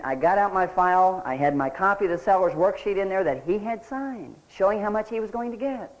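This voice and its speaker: A man's voice: high-pitched, expressive, fairly quick, rough recording. A man teaching a real estate sales seminar, telling folksy anecdotes and asking his listeners questions as he goes. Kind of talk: recorded seminar lecture.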